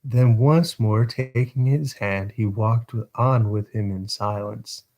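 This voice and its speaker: A man's voice: on the low side, fairly even intonation, takes it slowly, a little mellow. A man reading a novel aloud on a casual livestream, chatting between passages and stumbling over words.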